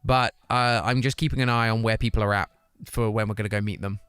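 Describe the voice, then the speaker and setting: A man's voice: fairly low pitch, steady tone, fast talker, fairly bright tone, clean tone, dry recording. British man chatting on a live stream. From United Kingdom. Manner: chatty, reads out chat comments and answers them. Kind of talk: casual live-stream chat.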